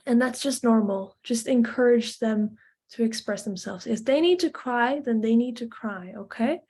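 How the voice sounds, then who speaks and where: A woman's voice: fairly high pitch, moderate pace, dark tone. A woman giving an informal lecture to parents, talking in a chatty way with many fillers.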